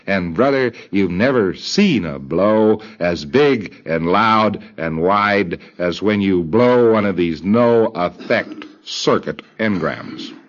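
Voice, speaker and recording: A man giving a recorded lecture in a deliberate way, acting out bits of dialogue in quoted voices. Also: sits low. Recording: dull lo-fi old tape.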